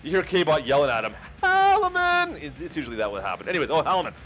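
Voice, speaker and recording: A man streaming live farm gameplay, chatting excitably with his viewers and talking to the game. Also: mid-range voice, rapid-fire, muffled recording, faint music behind. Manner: excitable, chatty, talks to chat.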